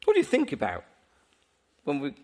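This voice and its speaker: A man preaching a sermon in an animated, playful way, often laughing. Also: on the high side, normal speed.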